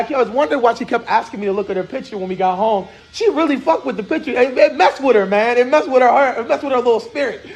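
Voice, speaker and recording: A man in his thirties hosting a casual chat, telling an animated story and acting out the dialogue he quotes. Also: extremely high pitch, creaky, slightly rough. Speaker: host. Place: barbershop.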